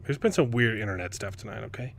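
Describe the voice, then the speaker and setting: A man hosting a casual panel chat, animated and mocking, often stumbling over words and restarting. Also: fairly low pitch, fast talker, creaky. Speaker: host.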